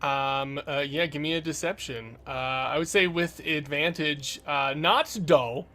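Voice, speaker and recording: A man's voice: on the high side, a little slow, sharp tone. A man narrating as game master of a tabletop game in a loose, rambling way, with lots of fillers.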